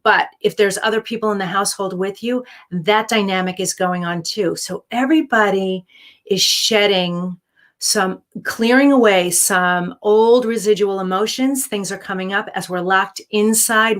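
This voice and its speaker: A woman hosting a live-streamed show, answering viewer questions with earnest, encouraging life-coaching advice. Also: mid-range voice.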